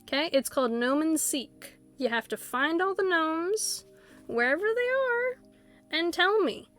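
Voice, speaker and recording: A woman streaming a video game live, chatting casually and rambling, often laughing and acting out animated quotes. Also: high-pitched, a little slow, faint music behind. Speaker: Twitch streamer.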